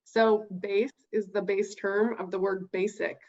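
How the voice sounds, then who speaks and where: Female coach, mid-pitched, muffled lo-fi sound, easygoing chatty delivery. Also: a little slow. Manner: relaxed, adds points with fillers. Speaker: running coach, podcast guest. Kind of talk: casual podcast discussion. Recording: dull lo-fi sound.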